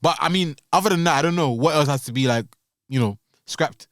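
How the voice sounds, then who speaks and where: A young Londoner with a slightly raised voice chats easily and jokes around on a podcast. The recording is dry and close to the mic. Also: male voice, on the high side, fairly quick, fairly bright tone, no echo. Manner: playful, laid-back slang. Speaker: podcast co-host. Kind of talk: casual chat.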